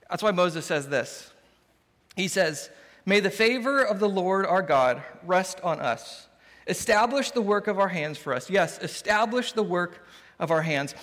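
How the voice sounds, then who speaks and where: High-voiced guy preaching, chatty and jokey, long echo in a church hall. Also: a bit bright. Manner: conversational, humorous. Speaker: pastor. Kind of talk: sermon.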